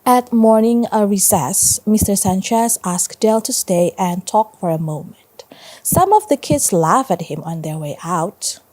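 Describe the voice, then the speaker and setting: A woman teacher reading a story aloud to her pupils and pausing to ask them questions. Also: medium pitch, expressive, darkish tone. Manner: slow, stops to ask students questions.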